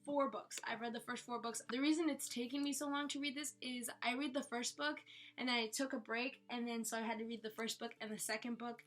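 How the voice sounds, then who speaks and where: A woman's voice: on the high side, fairly even intonation, fairly quick, a bit bright. A woman giving a casual, chatty book review at home. She rambles playfully and corrects herself as she goes. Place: room at home with bookshelves. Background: faint background music.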